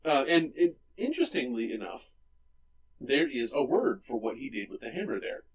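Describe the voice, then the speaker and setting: A man co-hosting a casual movie podcast, retelling scenes with energy and quick character voices. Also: mid-range voice, big pitch swings, distant mic, slight background noise, rough recording. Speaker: podcast co-host.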